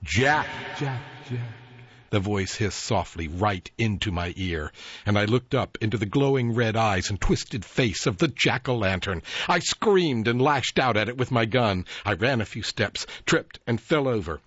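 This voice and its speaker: Husky low-voiced man telling a ghost story. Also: expressive, a bit bright, dry recording, dull audio. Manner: slow, dramatic spooky delivery. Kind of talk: scripted story narration.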